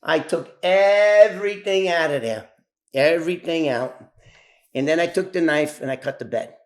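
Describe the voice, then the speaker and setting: Animated New man telling a story. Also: on the high side. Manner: animated, acts out quoted voices, many restarts. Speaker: former mob associate telling his story. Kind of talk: casual spoken storytelling.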